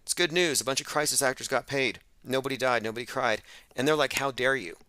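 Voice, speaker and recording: A man hosting a call-in radio show, with a bright, forceful voice and a dry, close sound. He talks emphatically and with heavy sarcasm. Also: mid-range voice, quick pace, clear, resonant tone, no echo. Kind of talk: open-phones radio monologue.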